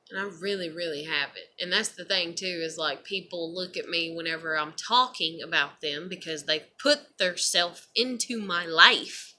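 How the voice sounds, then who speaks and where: A woman's voice: fairly low pitch, measured pace, pushed and bright, slight background noise. A woman vlogger talking in a profane, meandering monologue with frequent laughs and sighs. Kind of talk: casual rambling monologue.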